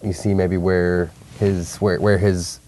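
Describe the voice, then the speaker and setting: A man co-hosting a casual TV recap podcast, rambling and halting, laughing mid-sentence. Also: sits low, little pitch movement, darkish tone. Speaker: co-host.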